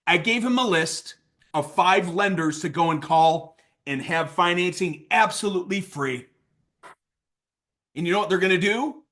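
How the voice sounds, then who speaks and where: A man delivers a casual sales training talk at a normal pace, blunt and fired up, lurching between loud outbursts and quiet asides.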